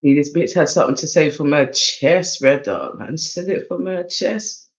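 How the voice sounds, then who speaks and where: A man's voice: on the high side, expressive, normal speed. A man with an English accent full of London slang reads oracle cards in a loose, casual way, swinging between hype and mumbling. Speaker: oracle card reader. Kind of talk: casual tarot-style card reading. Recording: slightly dull lo-fi sound.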